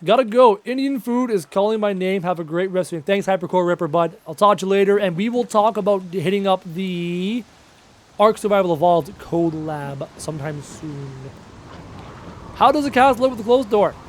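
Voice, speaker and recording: A man's voice: high voice, moderate pace. A man from Canada chatting casually on a live game stream, answering chat and repeating himself with emphasis. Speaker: gaming streamer.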